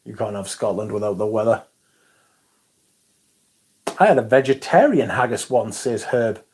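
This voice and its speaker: A man's voice: lowish voice, normal speed, a little mellow, a little hiss or hum. A man hosting a livestream, chatting casually, swearing now and then, and reading out viewer comments. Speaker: livestream host.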